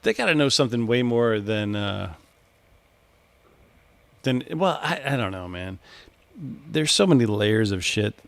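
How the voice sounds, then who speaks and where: A man with a gravelly, creaky voice chats loosely on a podcast, swearing freely and getting animated. His pitch sits in the ordinary middle range for a man. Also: a little slow, dry recording. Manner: profane, animated, laughing. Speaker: podcast co-host. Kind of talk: casual chat.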